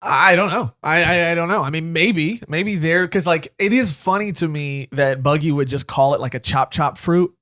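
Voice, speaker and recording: A man co-hosting a podcast, chatting casually and joking, retelling scenes with animated quotes. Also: a little high, moderate pace, hardly any pauses. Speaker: podcast co-host. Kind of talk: casual chat.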